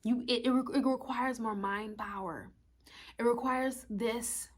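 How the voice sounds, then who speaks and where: A woman's voice: fairly high pitch, steady tone, measured pace. A young woman astrologer talking casually in a vlog, rambling through rhetorical questions and swearing now and then.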